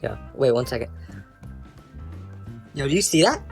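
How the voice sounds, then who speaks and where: A man telling funny first-person stories with an animated, exasperated comic delivery. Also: fairly high pitch, a little fast, gravelly, long pauses, faint music behind. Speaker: storyteller. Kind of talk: comedic first-person storytelling.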